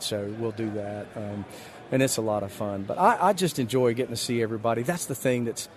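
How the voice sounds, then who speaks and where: A man's voice: medium pitch, fairly quick. A man with a Southern US drawl talks through an interview. He rambles from one folksy story to the next and plays himself down. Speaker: magician guest. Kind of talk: casual interview chat.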